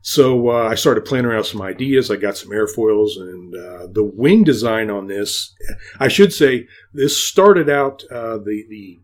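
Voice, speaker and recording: A man's voice: lowish voice, animated, unhurried. A man as a podcast guest, explaining his model kit design with many fillers. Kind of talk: casual interview.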